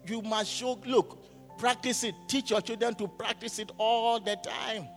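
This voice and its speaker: In a church hall, a pastor preaches in a high-pitched, steady voice that is fairly bright, a little slow, and touched with vocal fry. He often puts questions to the congregation and waits for their responses. Reverb from the hall and faint music are audible.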